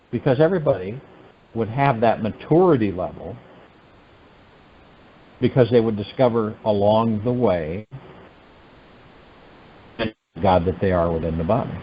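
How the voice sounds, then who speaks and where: A man hosting a meditation call, giving a spiritual teaching talk in an animated, musing way full of rhetorical questions. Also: medium pitch, measured pace, long pauses, dull audio, a little hiss or hum. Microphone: telephone conference line.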